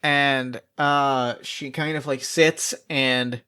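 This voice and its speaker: A man's voice: medium pitch, fairly even intonation, very slow, pushed and bright, clean tone. A man narrating as game master in a tabletop game, rambling with many fillers and restarts. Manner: rambling, filler-heavy, laughs often.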